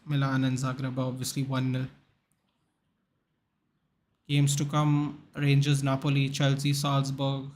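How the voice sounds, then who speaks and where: A man's voice: medium pitch, completely flat delivery, unhurried, pauses often, darkish tone. A young man hosting a live football watchalong stream, chatting casually, answering viewers in the chat and reading out names and match stats.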